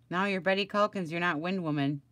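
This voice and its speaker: A woman's voice: medium pitch, dry recording. A middle-aged woman chatting casually on a home crafting livestream, rambling and greeting viewers by name.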